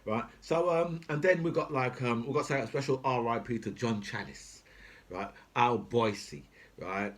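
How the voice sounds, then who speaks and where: A man's voice: medium pitch, moderate pace. A middle-aged man, talking off the cuff as a political commentator, swearing a lot and asking "right?" over and over. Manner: swears heavily, repeats "right?" and "do you know what I mean?", grows louder and angrier. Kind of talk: unscripted rant.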